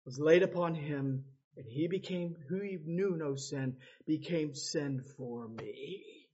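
A man preaching a sermon with passion, swinging from loud pleading cries to low hushed tones. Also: slow, slightly rough. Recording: slightly dull lo-fi sound.

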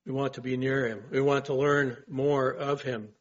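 A man's voice: mid-range voice, fairly even intonation, normal speed, muffled recording. A male pastor preaching a sermon in an earnest way, asking rhetorical questions and swelling on his key points.

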